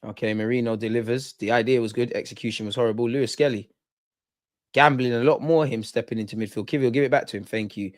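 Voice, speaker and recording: A young man hosting a live football watch-along, chatting casually, reacting to play and reading out comments, sometimes muttering and sometimes shouting at the referee. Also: medium pitch, fast, no room sound, studio quality. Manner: animated, swings from muttering to shouting at the ref.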